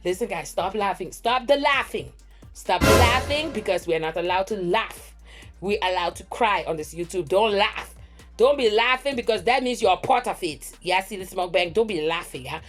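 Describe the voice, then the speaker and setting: A woman hosting a gossip reaction commentary, talking in a dramatic, theatrical way with drawn-out exclamations. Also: mid-range voice, expressive, soft background music. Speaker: gossip reporter host.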